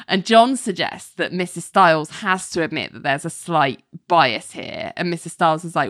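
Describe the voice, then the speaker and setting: A woman's voice: fairly low pitch, fairly quick, few pauses, fairly bright tone, dry recording, clean studio sound. A woman casually recapping a TV episode, quoting the characters' lines in light voices and laughing often. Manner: laughs often while talking. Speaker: podcast co-host.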